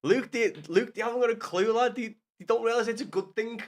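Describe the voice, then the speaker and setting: A man's voice: very high-pitched, fairly quick. A young man from Liverpool with a Scouse accent, chatting casually and swearing as he banters with his live-stream viewers. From Liverpool, England. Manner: sweary, banters with chat by name, gets loud and excited. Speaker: football streamer.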